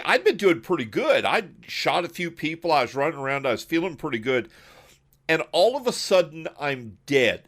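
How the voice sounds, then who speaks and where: Animated higher-voiced male podcast host. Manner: animated, laughs often, quick asides. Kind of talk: casual storytelling chat. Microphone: online voice call.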